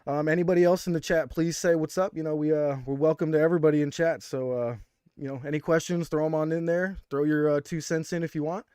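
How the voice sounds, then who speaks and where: Give me an upbeat man hosting a wrestling podcast, slightly high voice, dry sound. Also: fairly even intonation, fast, warm tone, smooth, no room sound. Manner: upbeat, filler-heavy, hyped. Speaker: podcast host. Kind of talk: casual wrestling podcast chat.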